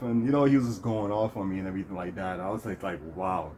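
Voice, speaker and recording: A man's voice: fairly low pitch, fast, hardly any pauses, a little mellow, slight background noise. A man hosting his own vlog, telling a story in a rambling casual way with lots of fillers and restarts. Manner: rambling, many fillers and restarts, laughs often. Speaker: vlog host.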